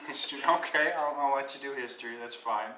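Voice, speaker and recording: A man's voice: medium pitch, fast, bright, forceful tone. A man narrating as game master of a tabletop game, laughing often and hesitating with ums. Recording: echoey room from far off, faint noise.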